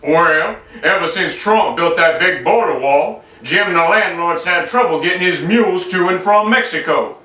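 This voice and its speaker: A man playing a jittery small-time drug middleman who stumbles over his words. His voice is high and bright, and it sounds roomy and set back from the mic in a comedy skit. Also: normal speed, few pauses, distant mic. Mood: flustered. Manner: flustered and stammering. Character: nervous, bumbling male drug middleman.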